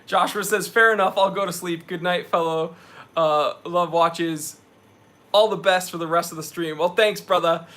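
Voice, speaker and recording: Energetic young man hosting a live stream. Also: high-pitched, moderate pace. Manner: energetic, reads chat messages aloud. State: sweaty after a hike. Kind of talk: casual live stream chat.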